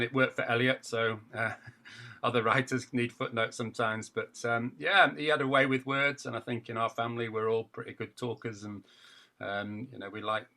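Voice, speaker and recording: A man being interviewed as a poet, talking in a casual, reflective, self-deprecating way, with thoughtful pauses and fillers. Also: mid-range voice, sharp tone. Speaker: poet guest.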